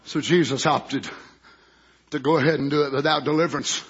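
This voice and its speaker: A male pastor, preaching a sermon and swinging from soft, drawn-out lines to fervent shouting. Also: fairly high pitch, breathy edge, dull audio.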